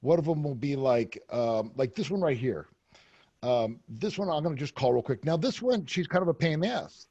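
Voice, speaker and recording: A man's voice: mid-range voice, lively intonation, normal speed, dark tone, breathy edge, highs cut off. A man as a podcast guest, talking in a brash, profane, candid way with lots of fillers, close to the mic. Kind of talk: candid casual interview talk.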